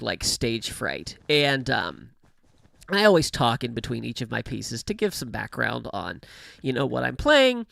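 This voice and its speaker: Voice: medium pitch, vocal fry, fairly bright tone, no echo. A gaming livestream host chatting casually into a studio mic with a pop filter, rambling with fillers and self-corrections and laughing often. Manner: laughs often while talking. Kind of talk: casual chat while livestreaming a game. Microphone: studio microphone with pop filter.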